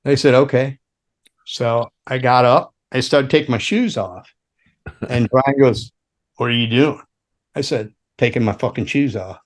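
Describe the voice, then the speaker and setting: In an unhurried, medium-pitched voice, a former roadie shares road stories on a casual podcast as a guest. He's profane and animated, acting out the people he quotes.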